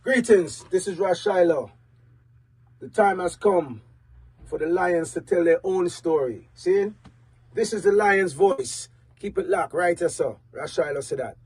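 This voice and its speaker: A man giving a calm, measured shout-out for the station. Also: high voice, husky.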